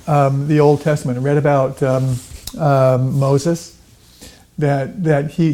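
A middle-aged man talking casually in an interview, halting and repeating words with many fillers. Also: a little high, mellow. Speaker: guest, Lincoln portrayer.

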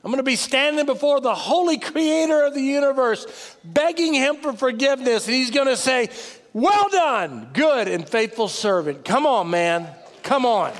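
A high-pitched man preaching a sermon, his voice carried on a long reverb that suggests a large hall. He is emphatic, driving up to loud peaks and then dropping low and quiet. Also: animated, normal speed, a faint crowd. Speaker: pastor.

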